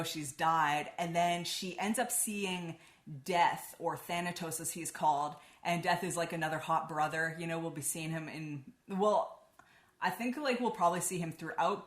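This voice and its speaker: A woman's voice: on the low side, reverberant. A woman giving a casual spoken book review, chatty and swearing freely, with lots of "like".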